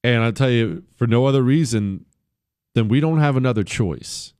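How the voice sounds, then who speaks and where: A man hosting a talk radio show, delivering a blunt, conversational political monologue that swings between punchy highs and low asides. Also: lively intonation, moderate pace, darkish tone, smooth, dry recording, studio quality. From United States.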